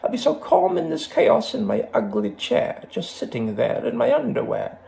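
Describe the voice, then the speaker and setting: A man's voice: very high-pitched, huge pitch swings, normal speed, creaky, warm tone, a little hiss or hum, exaggerated voice. Man singing as a scruffy prince bear. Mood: cheeky. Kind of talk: sung comic song.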